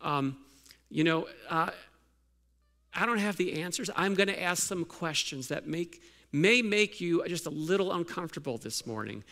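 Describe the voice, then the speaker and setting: A man's voice: fairly high pitch, lively intonation, normal speed, pushed and bright. A male pastor giving a sermon in a conversational way, asking the congregation many questions and restarting his sentences.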